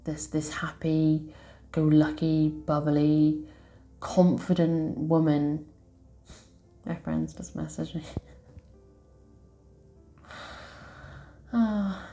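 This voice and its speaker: A woman, a tarot reader hosting her channel, telling a personal story to camera in a soft, slow, heartfelt way. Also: deep voice, steady tone, soft background music.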